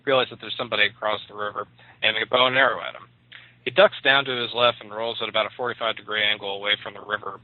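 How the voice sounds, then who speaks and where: A man's voice: fairly low pitch, steady tone, fast, no echo. A man narrating an ad-libbed story on a radio show, loose and full of restarts. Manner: loose, with many fillers and restarts. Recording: tinny dry phone line.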